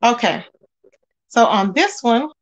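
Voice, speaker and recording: A woman hosting a casual gossip commentary, talking straight to her viewers in an animated way with lots of fillers. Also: fairly high pitch, slow, muffled recording. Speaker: commentary channel host.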